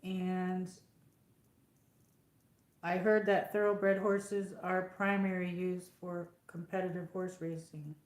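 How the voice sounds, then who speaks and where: A woman's voice: lowish voice, little pitch movement, takes it slowly, roomy sound. A woman with an upstate New York accent hosting a rambling, casual live chat and reading out viewer comments. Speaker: livestream host.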